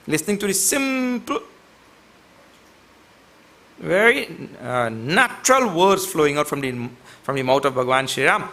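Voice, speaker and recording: A man's voice: fairly high pitch, very animated, normal speed, sharp tone. A man giving a devotional scripture lecture, chanting verses and explaining them with a playful, teasing manner toward his class.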